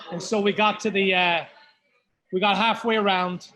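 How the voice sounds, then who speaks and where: Hosting a whiskey tasting at a pub, an Irishman from County Mayo chats with the group in his Mayo accent, drifting into loose stories along the way. His high, bright voice holds steady at a normal speed with a forceful edge. The audio quality is poor.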